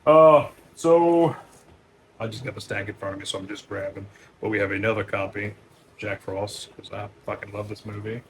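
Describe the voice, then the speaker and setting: A man running casually through a stack of movies as a store owner, loose and profane, with many fillers and sudden louder bursts on each title. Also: lowish voice, normal speed, noisy background.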